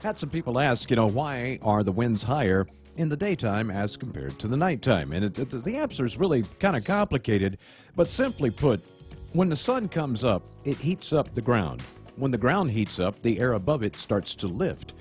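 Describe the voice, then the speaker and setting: A low-voiced male weather forecaster, talking listeners through the weather in a relaxed, explanatory way. Faint music plays underneath his voice. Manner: easygoing, explanatory.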